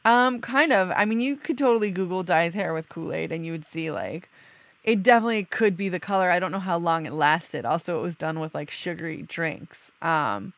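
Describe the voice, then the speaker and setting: Gravelly-voiced woman hosting a podcast. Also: on the low side, brisk, dry recording. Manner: chatty, laughs easily, loose and rambling. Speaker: podcast host. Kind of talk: casual chat.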